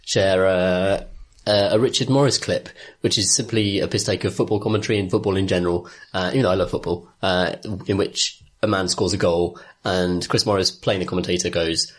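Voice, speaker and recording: A man's voice: low-pitched, fairly even intonation, brisk. A man co-hosting a podcast in casual chat, given to dry, wordy asides. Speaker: podcast co-host.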